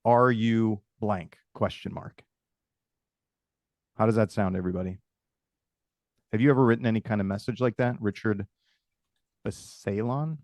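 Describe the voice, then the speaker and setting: A man leads a live online coaching session, making up example messages on the spot and calling on participants by name. His voice sits low and comes across dry and close, with no room around it. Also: normal speed, long pauses, dry recording. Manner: energetic, improvises sample messages aloud, addresses attendees by name. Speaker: webinar host and sales coach. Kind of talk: live webinar teaching. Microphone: video call.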